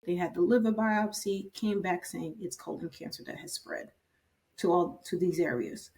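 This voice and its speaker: A woman's voice: on the low side, normal speed, a little mellow. A woman in her fifties candidly recounting her own story in an interview, acting out the conversations she had with others. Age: 50s. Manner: candid, retells scenes by quoting others. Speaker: patient sharing her story. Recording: voice from a distance.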